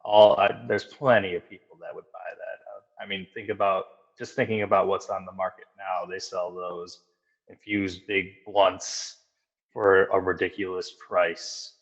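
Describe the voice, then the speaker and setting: A man's voice: low voice, level tone, gravelly, dull audio. A man talking as a podcast guest in casual chat, upbeat and agreeable. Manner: upbeat, agreeable, quick to say hell yeah.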